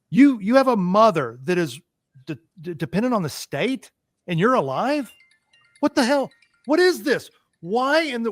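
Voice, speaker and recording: A man's voice: high-pitched, dry recording, clean studio sound. A man hosting a talk show, ranting emphatically about politics and repeating his points as he gets worked up.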